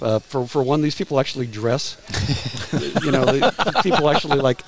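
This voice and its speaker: In a rough recording, a man in his sixties with a medium-pitched voice shares stories as a guest in a casual interview. He's a retired music publicist whose speech is halting, full of restarted phrases and repeated words.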